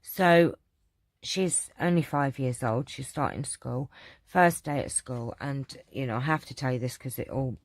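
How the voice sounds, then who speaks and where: A woman's voice: a bass voice, a little slow, dry recording, clean studio sound. An older woman from London with a Cockney accent, casually chatting to her viewers and telling rambling stories full of ums and restarts. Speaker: channel host answering viewer questions. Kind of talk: casual chat.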